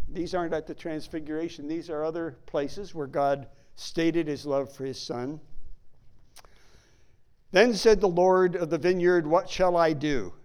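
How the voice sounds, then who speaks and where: Male preacher, higher voice, unhurried and emphatic delivery, reads old-style Bible verses. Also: dark tone. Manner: emphatic, slows to stress key words; reads King James verses aloud. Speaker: Bible teacher. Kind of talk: sermon with scripture reading.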